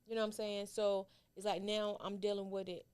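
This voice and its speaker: A woman's voice: mid-range voice, flat delivery, a little fast, darkish tone, smooth. A woman hosting a podcast interview, talking loosely with many fillers. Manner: rambling, full of "you know" fillers. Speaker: podcast host. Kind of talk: casual interview chat.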